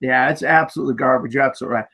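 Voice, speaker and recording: A woman's voice: very deep voice, rapid-fire, fairly bright tone. A woman co-hosting a casual movie talk show, speaking with emphatic, exasperated outbursts. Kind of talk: casual chat.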